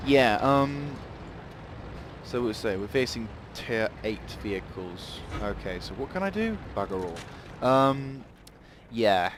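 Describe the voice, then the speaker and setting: A man's voice: mid-range voice, expressive, takes it slowly, background noise. A man giving live gameplay commentary, rambling and swearing in sudden outbursts.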